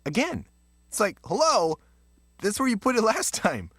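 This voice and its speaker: A man's voice: high voice, wildly swooping pitch, normal speed, fairly bright tone, slightly rough, dry recording, studio quality, exaggerated voice. A man voicing a young pet dog in a scripted ad, chatting in an amused, complaining way about his owner. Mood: amused, exasperated. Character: young male pet dog, new home, wry and bemused. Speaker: ad character. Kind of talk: scripted ad voice-over.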